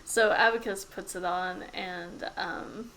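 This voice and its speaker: Woman, game master, tabletop narration, slow delivery, halting fillers. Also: fairly low pitch, fairly even intonation, pushed and bright, a little hiss or hum, poor audio. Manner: laughs often, fills pauses with um.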